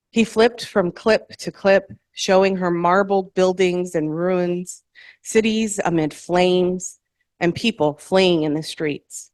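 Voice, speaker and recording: A woman at an open mic, reading her own novel aloud in a measured, careful way and correcting small slips as she goes. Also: lowish voice, a little mellow, no room sound. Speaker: featured author at an open mic. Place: performance hall, in person.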